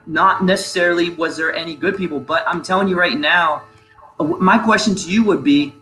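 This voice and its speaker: A man's voice: sits high, pushed and bright, echoey room, rough recording. A man hosting a casual discussion, rambling and restarting his sentences as he poses questions. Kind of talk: casual debate chat.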